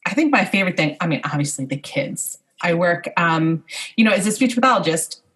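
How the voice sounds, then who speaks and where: A middle-aged woman, a speech pathologist guest, talking in a casual podcast conversation in a thoughtful way, pausing with fillers and restarting her sentences. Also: fairly low pitch, expressive, a bit bright.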